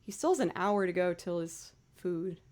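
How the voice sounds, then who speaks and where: A woman's voice: lowish voice, animated, moderate pace, darkish tone. A woman musician chatting casually on her livestream, bubbly as she thanks viewers one by one.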